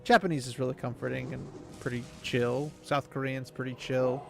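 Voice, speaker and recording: A man's voice: mid-range voice, flat delivery, normal speed, gravelly, music in the background. A man streaming a video game, chatting casually and rambling with plenty of fillers. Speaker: gaming streamer. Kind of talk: casual chat while playing a video game.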